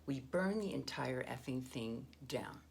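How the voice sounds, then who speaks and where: A woman's voice: very deep voice, lively intonation, measured pace, vocal fry, slight background noise. A woman hosting her own political commentary show, talking in an emphatic, indignant way with frequent restarts. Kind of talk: casual political monologue.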